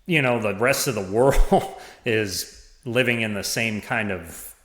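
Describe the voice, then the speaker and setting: A man talking as a podcast guest, in a halting way with many restarts and small laughs. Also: fairly low pitch, a bit bright. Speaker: podcast guest, former parish administrator. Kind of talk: casual conversation. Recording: roomy echo.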